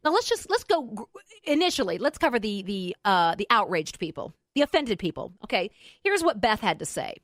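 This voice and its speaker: A woman's voice: mid-range voice, big pitch swings, a little fast, a bit bright, no room sound, studio quality. A woman co-hosting a radio show, chatting casually and reading listener posts aloud with her own asides. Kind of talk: casual talk radio chat.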